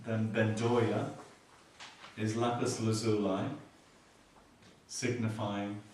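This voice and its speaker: A man with a low, darkish, fairly monotone voice teaches the dharma in a meditation hall, heard from a distance amid heavy echo and slight background noise. He is patient, dwells on key words, and has a dry sense of humor.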